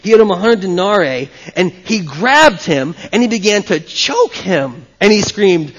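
A man preaching a lively sermon and talking directly with his congregation. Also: sits high, unhurried, few pauses. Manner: animated, talks with the congregation. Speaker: pastor. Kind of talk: live sermon. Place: church before a congregation. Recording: long reverb, dull lo-fi sound.

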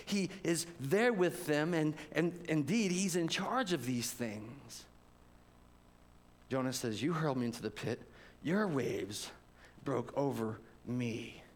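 A man preaching a sermon, telling personal stories in an animated way and swinging between loud and hushed delivery. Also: high-pitched. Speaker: pastor.

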